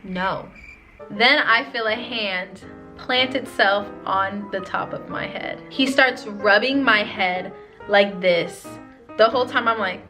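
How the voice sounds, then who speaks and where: A young woman vlogger telling a dating story in lively, slangy storytime style. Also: mid-range voice, takes it slowly, faint music behind. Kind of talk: storytime vlog.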